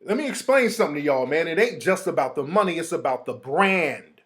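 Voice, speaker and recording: Animated streetwise male host. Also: on the high side, brisk. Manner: animated, streetwise slang, mimics others. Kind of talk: casual monologue.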